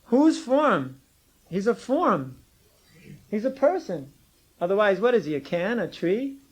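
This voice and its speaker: Man, high voice, lecturing a class, teasing, argumentative, emphatic, old cassette tape. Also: sing-song, a little slow, breathy edge, rough recording. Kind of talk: lecture with questions from students.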